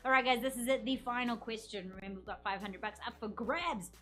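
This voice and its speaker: A woman's voice: a little high, fast talker, sharp tone, soft background music. A woman hosting a live online trivia game from an office studio, upbeat and chatty as she reads out viewer comments. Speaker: quiz show host.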